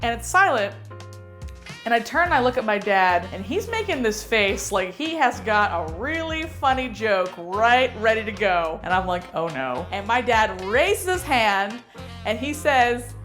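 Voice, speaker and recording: A woman's voice: a little high, lively intonation, measured pace, a bit bright, soft background music. A young adult woman hosting a show, telling a funny personal story in a chatty, self-mocking way with some playful swearing. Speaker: host. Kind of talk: casual comedic storytelling.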